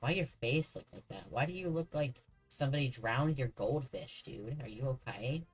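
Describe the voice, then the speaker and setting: A man's voice: mid-range voice, lively intonation, moderate pace, breathy edge, faint music behind, poor audio. A man streaming a horror game, chatting casually and joking with the characters on screen. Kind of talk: casual gameplay commentary.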